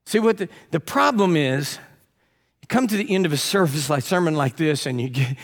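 Preacher guy, kinda high voice, big echoey church, gets worked up telling stories. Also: moderate pace. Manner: animated, rising to high excited pitch when quoting. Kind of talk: sermon with storytelling. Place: church sanctuary. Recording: long reverb of a church sanctuary.

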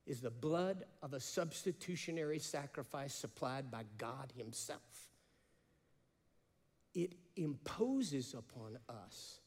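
A man preaching a sermon, passionate, shifting between emphatic raised cries and slow, hushed phrases. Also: mid-range voice. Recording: long reverb of a large hall.

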